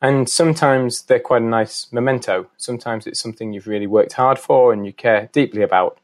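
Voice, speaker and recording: A man's voice: medium pitch, brisk. Modest northern English man. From north of England. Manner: modest, hesitant, repeats words. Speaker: podcast guest. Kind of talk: casual interview talk.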